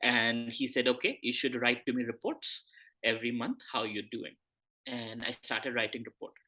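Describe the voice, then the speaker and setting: Guy giving a scripture talk, chatty storytelling, bright forceful voice. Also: medium pitch, normal speed. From India. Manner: conversational, acts out quoted dialogue. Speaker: spiritual teacher.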